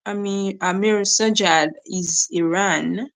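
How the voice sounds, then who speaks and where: A woman's voice: medium pitch, fairly even intonation, takes it slowly, rough recording. A young woman from Nigeria, hosting a casual live stream, greeting viewers by name and often checking in with "right?" and "you know". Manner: greets viewers by name and reads their comments.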